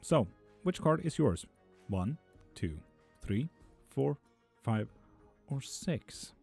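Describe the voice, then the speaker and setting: A man's voice: medium pitch, very animated, takes it slowly, creaky, darkish tone, slightly rough, soft background music. A man reading tarot on a live stream, casually reading out chat messages and answering them offhand.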